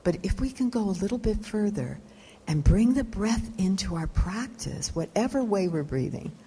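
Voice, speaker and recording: A woman's voice: mid-range voice, expressive, normal speed, mellow, slightly rough. A woman yoga teacher giving a live lecture, explaining terms and putting questions to her audience. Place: retreat lecture room.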